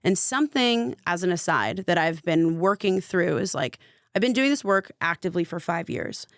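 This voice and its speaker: A young adult woman, a spiritual coach appearing as a podcast guest, tells a personal story with a fairly low voice, lively intonation, and a moderate pace. The recording is clean studio sound with no echo. She's chatty and casual, vividly retelling events and filling her speech with "like."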